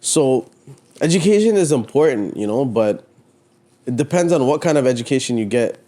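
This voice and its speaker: Male co-host from Ontario; mellow, warm tone, loose rambling podcast chatter. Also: mid-range voice, animated, moderate pace. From Canada, Ontario (Mississauga area). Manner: loose and conversational, many "you know what I mean" fillers, laughs easily. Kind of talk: casual chat.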